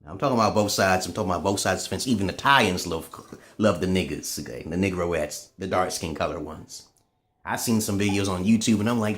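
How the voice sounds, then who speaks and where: A man in a casual, profane ranting monologue to camera, swinging between loud outbursts and low muttering. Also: brisk. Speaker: vlogger.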